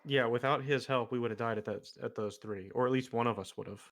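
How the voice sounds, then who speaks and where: A man's voice: mid-range voice, quick pace, a bit bright. Rambling man telling jokes while gaming. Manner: rambling joke-teller with many fillers. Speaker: streamer. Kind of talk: casual gaming chat.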